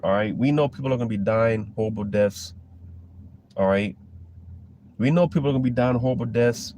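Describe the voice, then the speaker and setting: A man's voice: mid-range voice, dark tone, a little hiss or hum. A man giving a casual, rambling preaching monologue about scripture, full of fillers and restarts. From Florida. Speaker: religious commentator.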